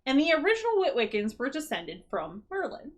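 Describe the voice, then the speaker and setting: A woman's voice: wildly swooping pitch, a little fast. A woman co-hosting a podcast, recapping a movie in casual chat and often breaking into laughter. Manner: giggly, exclaims with big pitch jumps. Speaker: podcast co-host.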